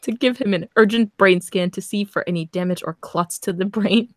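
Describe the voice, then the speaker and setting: A woman's voice: mid-range voice, moderate pace, no echo, studio quality. A woman host reading a story aloud in casual chat, breaking off into sarcastic, laughing commentary.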